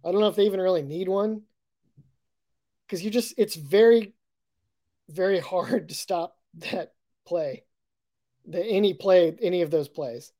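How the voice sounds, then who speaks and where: Mellow-voiced guy breaking down plays, measured and analytical, chill podcast chat. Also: high-pitched. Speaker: podcast co-host, football analyst. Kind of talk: casual sports talk.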